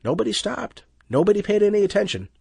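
A man narrating an audiobook with expressive, tense storytelling. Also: high-pitched, fast talker, gravelly, husky, dry recording.

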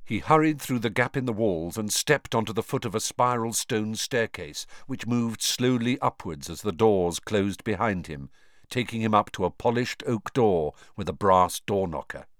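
Male audiobook reader, lively intonation, close dry sound. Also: fairly low pitch, normal speed, dry recording. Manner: expressive reading. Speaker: audiobook narrator. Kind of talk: scripted storybook narration.

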